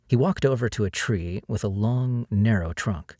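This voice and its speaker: A male audiobook narrator with a low voice reads a novel in a steady storytelling manner. The recording is dry and close, with no room sound around him. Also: normal speed, no echo. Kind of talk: scripted narration.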